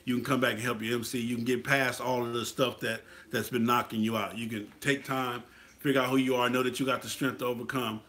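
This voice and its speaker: A man's voice: medium pitch, little pitch movement, fairly quick, fairly bright tone, slight background noise. A man giving a casual motivational talk about motorcycle clubs, preachy and repetitive, often checking in with the listener. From Atlanta, US. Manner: preachy, repetitive, asks "you feel what I'm saying?". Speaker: motorcycle club talk host.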